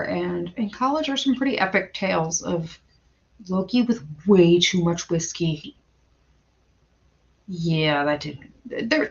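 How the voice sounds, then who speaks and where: Rambling gravelly-voiced woman livestream host. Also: on the low side. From western Pennsylvania, USA. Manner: rambling and chatty, greets chat viewers by name; frequent stammered restarts and filler words. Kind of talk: casual livestream chat. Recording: dull lo-fi stream audio.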